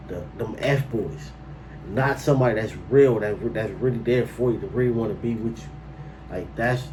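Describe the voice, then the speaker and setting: A man's voice: mid-range voice, darkish tone, recorded from a distance, slight background noise, rough recording. A man telling a personal story to camera in a casual, slangy way, breaking into incredulous outbursts.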